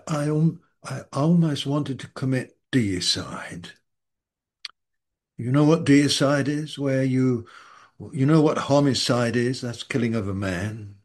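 A man preaching a sermon, halting and repeating his phrases for emphasis. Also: mid-range voice. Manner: halting and repetitive, with emphatic restatements.

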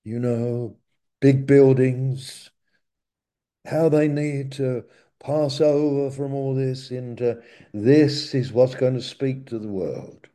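A man preaching a sermon in a slow, reflective way, often sinking to a quiet murmur. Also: medium pitch, steady tone.

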